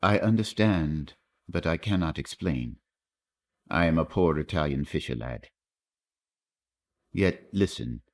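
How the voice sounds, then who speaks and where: A grave young fisherman speaks with slow, earnest weight, as a man reads him in an audiobook. The voice sits very low and deep. Each halting sentence lands like a solemn admission. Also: lively intonation. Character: grave young male Italian fisher lad. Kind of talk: audiobook reading.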